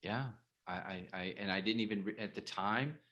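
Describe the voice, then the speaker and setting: A host talking in a casual interview over a video call, halting and repeating words, emotional and animated. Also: sits low, muffled recording. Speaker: podcast host and author.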